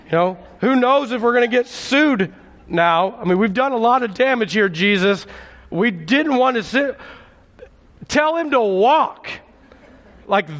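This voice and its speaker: A man's voice: very high voice, fairly bright tone, long reverb tail, pitched above the performer's own voice, full character voice. A man voicing a group of bewildered male friends who protest in casual bro-talk. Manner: exasperated, rambling protest.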